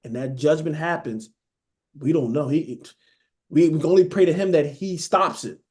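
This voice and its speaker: A man's voice: on the high side, moderate pace, a little mellow. Man preaching casually, checking in constantly. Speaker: Bible teacher. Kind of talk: sermon.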